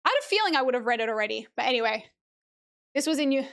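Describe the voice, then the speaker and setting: A woman's voice: on the high side, lively intonation, rapid-fire, gravelly, a bit bright. A young woman streaming casually, chatting and reading a children's book aloud in a playful way, swearing for laughs. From Australia.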